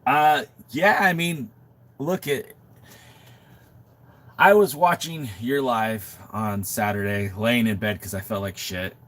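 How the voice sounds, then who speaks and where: A man's voice: medium pitch, slow, fairly bright tone. A middle-aged man from Southern California, sick with a sore throat, chatting casually on a live stream from a makeshift home studio, often restarting his sentences and drifting into reflective asides. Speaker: wrestling podcast co-host. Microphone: webcam mic in a makeshift home studio.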